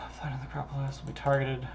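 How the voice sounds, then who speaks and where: A man's voice: mid-range voice, monotone, quick pace, creaky, darkish tone, a little hiss or hum. A man running a casual solo prep stream as a game master, thinking aloud and reading adventure text in an offhand way, with some casual swearing.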